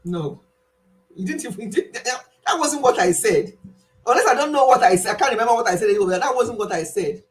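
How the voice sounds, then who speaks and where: A woman's voice: on the high side, animated, a little fast. A woman, hosting a casual live stream quiz and playfully scolding a viewer in a chatty way. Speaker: livestream host.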